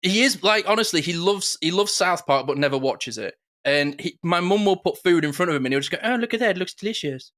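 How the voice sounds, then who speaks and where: Guy cohosting a podcast, bright sharp voice, kinda high, tells stories fast and animated. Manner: animated, quick storytelling with impressions. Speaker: podcast co-host. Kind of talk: casual chat.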